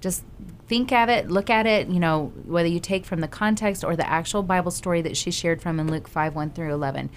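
A woman's voice: lowish voice, brisk, a little hiss or hum. A woman leading a Bible study group, encouraging and praising the members as she poses questions.

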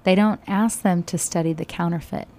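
A woman teaching a Bible study, retelling scripture in conversation with sudden animated bursts. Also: on the low side, moderate pace.

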